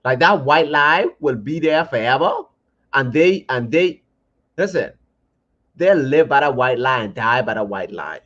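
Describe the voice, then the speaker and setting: A man co-hosting a podcast in casual, playful banter, animated and mock-indignant. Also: mid-range voice, measured pace. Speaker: podcast co-host. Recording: dull lo-fi podcast audio.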